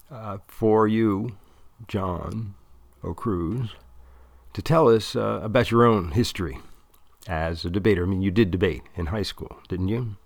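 A man's voice: on the low side, creaky, dry recording, clean studio sound. A man explaining a plan at length in a casual, rambling way with many restarts. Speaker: interviewer recording a monologue.

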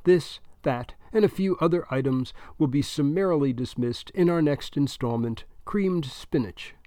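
A man narrating a comic serialized story in a wry, deadpan way. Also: a little high, normal speed, dry recording.

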